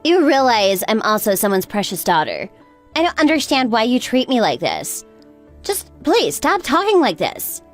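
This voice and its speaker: A woman's voice: a little high, wildly swooping pitch, normal speed, faint music behind. A woman voicing a stressed young mother who pleads and sounds upset. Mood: distressed.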